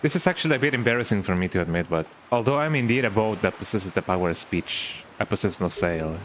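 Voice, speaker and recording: A man's voice: fairly low pitch, expressive, fast talker, a bit bright, a little hiss or hum, low-quality recording. A man voicing a wise old talking boat who guides the hero, in a grave, stately way. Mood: wry. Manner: grave, stately storybook delivery.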